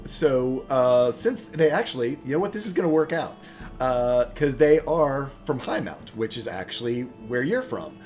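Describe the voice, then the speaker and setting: A man's voice: medium pitch, animated, normal speed, darkish tone, soft background music. A man from the United States running a tabletop game, narrating with lots of fillers and restarts. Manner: rambling, filler-heavy storytelling. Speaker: game master.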